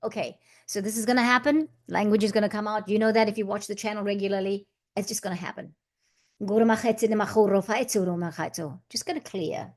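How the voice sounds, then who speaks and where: A woman's voice: medium pitch, steady tone, fast, few pauses. A woman hosting a casual spiritual vlog, chatty and meandering with many asides, who at times breaks into flowing chanted syllables. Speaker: spiritual channel host.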